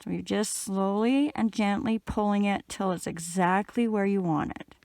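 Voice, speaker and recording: A middle-aged woman from Canada giving a relaxed, chatty step-by-step crochet tutorial while she works. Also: mid-range voice, normal speed, creaky. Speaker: crochet instructor.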